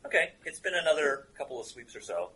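A man running a tabletop game as game master, narrating in a halting way with many restarts. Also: on the high side, sing-song, bright, forceful tone, rough recording. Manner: halting, full of fillers and restarts.

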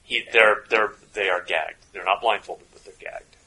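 A man running a tabletop role-playing game, narrating in a relaxed way with chuckles and fillers. His voice is bright and somewhat husky, pitched a bit low. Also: moderate pace, poor audio. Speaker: game master.

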